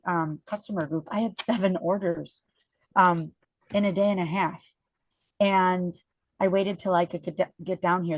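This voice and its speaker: A woman's voice: medium pitch, no room sound. Chatty middle-aged woman rallying her team. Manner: animated storyteller, keeps checking in with "okay?" and "you guys". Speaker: sales team leader. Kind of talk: chatty motivational team-meeting talk.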